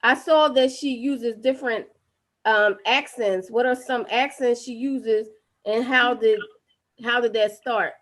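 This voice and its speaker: A woman's voice: on the high side, fairly even intonation, a little slow, fairly bright tone. A woman hosting a live-streamed talk show over a video call, chatty, restarting often and reading out viewer comments. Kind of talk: casual interview chat.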